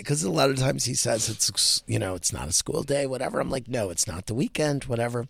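A man hosting a podcast, chatting casually and telling animated stories about his son. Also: brisk, vocal fry, few pauses, husky, no echo. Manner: animated storytelling, quoting his son in a higher voice. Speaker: podcast host. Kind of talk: casual chat.

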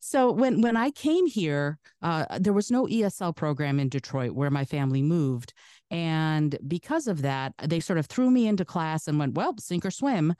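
A woman from the Soviet Union, native Russian speaker, speaking broadcast-style American English as an interview guest, chatty and animated, laughing often. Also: low voice, moderate pace, clear, resonant tone, dry recording, studio quality. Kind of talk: casual interview storytelling.

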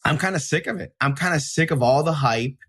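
A man's voice: a little high, fairly bright tone, breathy edge, no room sound. A man hosting a podcast in casual chat, upfront and joking as he talks. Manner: upfront, joking, quick-talking. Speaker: podcast host.

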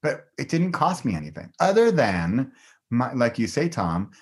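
A man's voice: medium pitch, very animated, moderate pace, a little mellow. A middle-aged man talking as a guest on a podcast in a casual, enthusiastic way, laughing often. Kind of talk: casual conversation.

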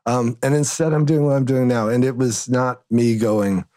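A man from Northern Illinois, a guest on a podcast interview, telling stories in an animated way with big swings in pitch. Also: moderate pace, no echo. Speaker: guest, agency consultant and author.

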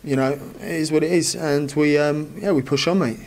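Un jeune boxeur à l'britannique qui répond en interview d'après-combat sur un ton détendu et un brin moqueur, entre deux rires. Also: male voice, on the high side, steady tone, normal speed. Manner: casual, laughs often, dismissive. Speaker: boxer. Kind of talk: post-fight interview.

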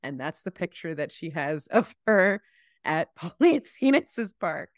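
A woman's voice: on the low side, measured pace, no echo, studio quality. Laughing woman podcast host recapping. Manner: laughs often, animated storyteller. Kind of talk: casual podcast chat.

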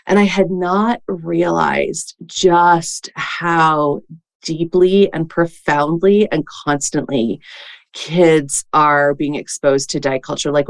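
A woman hosting a podcast interview, telling a story in a chatty way full of "like" fillers. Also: lowish voice. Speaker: podcast host. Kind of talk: casual conversational interview.

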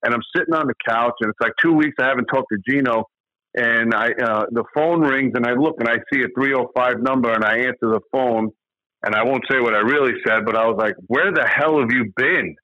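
A middle-aged man, a former hitting coach, guesting on an interview and telling lively anecdotes. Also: medium pitch, fast, no room sound. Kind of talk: conversational storytelling. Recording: slightly muffled, dry sound.

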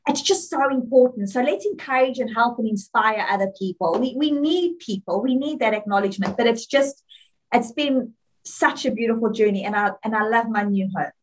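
A woman's voice: on the high side, animated, fairly quick, poor audio. A woman with a South African accent, a podcast guest talking effusively and laughing often in a casual interview. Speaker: podcast guest, jewelry business owner.

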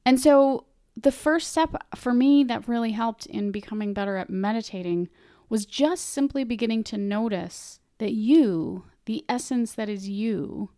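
A woman's voice: a little high, a little slow, warm tone, no echo, studio quality. A woman talking casually and earnestly about meditation, chatty, often restarting and repeating words. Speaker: meditation vlogger. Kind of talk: casual explanatory talk.

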